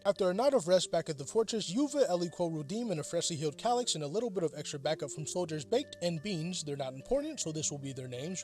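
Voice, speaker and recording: Sarcastic, swearing young man recapping. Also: sits high. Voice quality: sarcastic, profane, self-mocking. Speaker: youtuber recapping a manga. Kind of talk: comedic plot recap.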